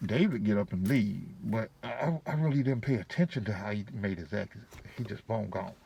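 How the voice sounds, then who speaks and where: Gravelly, husky-voiced man telling a story. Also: on the low side, fairly quick, mellow, lo-fi sound. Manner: slangy, profane, laid-back, asides to the viewer. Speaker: vlogger. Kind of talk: casual storytelling.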